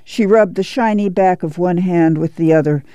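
Mellow-voiced woman narrating an audiobook. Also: fairly low pitch, normal speed, dry recording, lo-fi sound.

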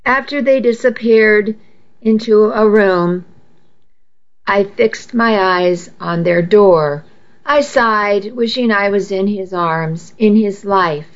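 A woman narrates a first-person novel in an intimate, confessional tone. She reads at an unhurried pace in a voice of middling pitch. The recording sounds muffled and lo-fi. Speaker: audiobook narrator.

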